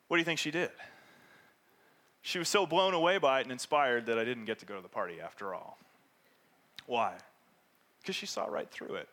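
A man preaching a sermon as pastor, animated, dropping from loud emphasis to hushed near-whispers and acting out prayers in quoted voices. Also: medium pitch, fairly quick, pauses often.

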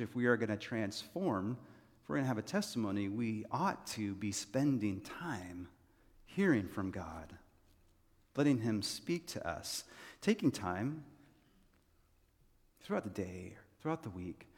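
Man preaching in a reverberant church hall. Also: mid-range voice. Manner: earnest, repeats key phrases to the congregation. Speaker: senior pastor. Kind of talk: conversational sermon. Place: church sanctuary.

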